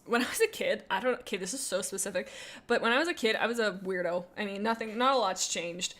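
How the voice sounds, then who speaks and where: A woman streams live in a loose, casual chat, reading viewer comments aloud in a medium-pitched, somewhat bright voice that is fast and animated. She's playful and goofy, her rambling sentences often breaking off and restarting with little asides.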